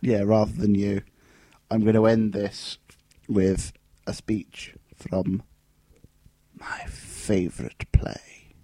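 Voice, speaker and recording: A man's voice: lowish voice, flat delivery, slow pace, pauses often, mellow, slightly rough, no echo. A man hosting a podcast from home, casual and jokey with a mock-theatrical streak. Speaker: podcast host. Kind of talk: casual chat.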